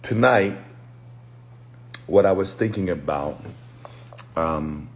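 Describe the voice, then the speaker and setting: A preacher and deliverance minister giving a reflective, unhurried livestream teaching, greeting viewers by name as he goes. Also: low-pitched. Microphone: phone livestream.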